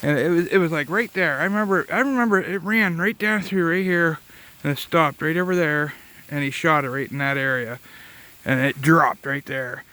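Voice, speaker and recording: A man telling rambling, casual stories outdoors in the woods. His voice sits fairly high, and he swears freely as he wanders from one memory to the next. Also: normal speed, bright, forceful tone. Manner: profane, rambling, laughs at his own stories. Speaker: vlogger.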